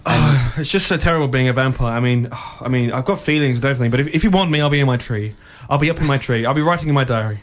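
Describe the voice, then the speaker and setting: A man's voice: medium pitch, very fast, hardly any pauses, close to an everyday voice. A man putting on a mopey vampire heartthrob. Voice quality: whiny, sighing. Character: mopey young male vampire heartthrob, self-pitying. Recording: music behind.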